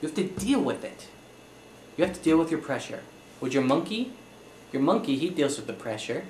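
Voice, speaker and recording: A man's voice: a little high, sing-song, fairly quick, a little mellow, roomy sound, slight background noise. A young man playing a flustered, apologetic accountant in an improvised comedy scene.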